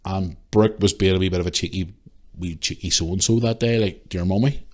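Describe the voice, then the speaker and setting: Ranting man, low voice. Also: a little fast. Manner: animated ranting, swears freely. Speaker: podcast host. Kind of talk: casual storytelling monologue.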